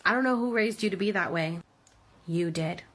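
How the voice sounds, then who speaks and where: A woman in her thirties vlogs a heated rant about a personal story, speaking at a normal speed in a mid-range voice. She's angry and emphatic, swearing heavily throughout.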